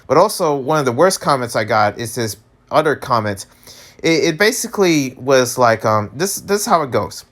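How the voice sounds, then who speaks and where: A man vlogging in a casual rant, animated and exasperated, laughing often and tripping over his words. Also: normal speed. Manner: animated, exasperated, pitch jumps high when worked up.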